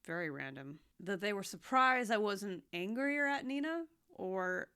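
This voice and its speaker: A young woman chatting casually about a series she watched, heartfelt and expressive, moving between hushed and loud. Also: medium pitch, measured pace, clean tone. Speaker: anime reaction vlogger. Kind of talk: casual recap chat.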